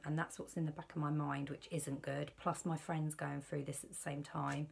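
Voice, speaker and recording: British woman in her thirties, anxious confiding vlogger, deep husky voice. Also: flat delivery, fairly quick, hardly any pauses, darkish tone. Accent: British English. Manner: worried, rambling, confiding. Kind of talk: candid personal vlog.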